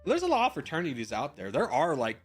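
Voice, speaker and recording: A man's voice: a little high, wildly swooping pitch, fast, faint music behind. A man in his twenties, a streamer in casual chat, giving rambling advice with slang and the odd swear while answering viewer messages.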